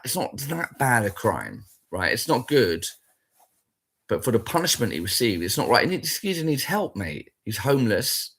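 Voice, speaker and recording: A man's voice: medium pitch, a bit bright, slightly rough. A man in a blunt, rambling, sweary casual rant that keeps repeating its points.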